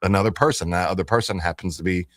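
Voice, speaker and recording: Talking fast in a low voice, a morning radio host rambles through casual on-air chat with plenty of self-corrections. The studio microphone in his radio studio gives a clean, dry sound.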